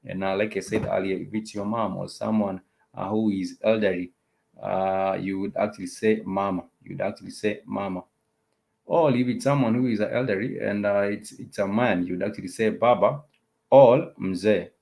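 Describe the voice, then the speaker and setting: A man with a low, gravelly voice teaches an informal language lesson. He says each word several times and fills the gaps with hesitant pauses. His delivery is patient and conversational. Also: steady tone, a little mellow. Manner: repeats words and phrases slowly, many "uh" pauses. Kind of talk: casual spoken lesson.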